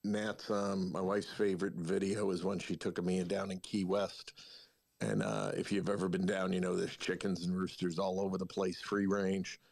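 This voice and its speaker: A man's voice: low voice, flat delivery, normal speed, creaky, a little mellow. A man in a casual livestream chat, telling a bawdy story and chuckling along.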